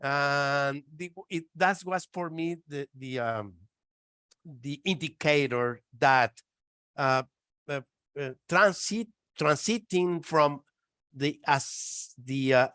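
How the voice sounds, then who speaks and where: A man, a Spanish native speaker, speaking as a researcher on a panel in a halting way, with many restarts. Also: medium pitch, sharp tone, no room sound. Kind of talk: academic panel discussion.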